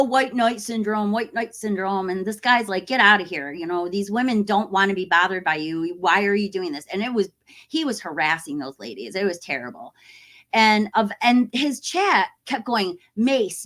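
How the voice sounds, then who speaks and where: A horror YouTuber in her forties chats casually to camera in a mid-range voice. She's animated as she tells a story, acting out other people's voices.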